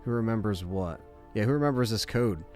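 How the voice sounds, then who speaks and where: A man chatting casually while streaming a game live, excitable and quick to swear. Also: fairly low pitch, faint music behind. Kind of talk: casual live gameplay chat.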